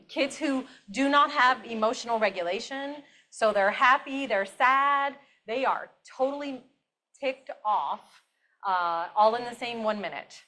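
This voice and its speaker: Chatty, upbeat woman presenter. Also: fairly high pitch. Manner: animated, chatty, laughs often while teaching. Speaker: presenter at a teacher training on autism and behavior. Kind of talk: live workshop presentation. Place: classroom or meeting room with a live audience.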